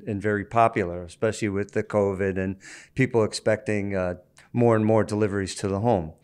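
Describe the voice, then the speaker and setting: Smooth-voiced businesslike man. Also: on the low side. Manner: measured, businesslike, with fillers. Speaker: association chairman, guest. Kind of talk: interview answers.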